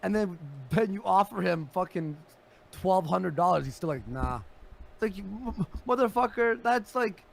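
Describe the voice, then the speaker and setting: Brief: high-pitched man with a gravelly edge, mocking co-host doing sarcastic voices. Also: animated, normal speed. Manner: mocking, mimics critics in put-on voices. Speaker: show co-host. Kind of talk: heated profane podcast banter.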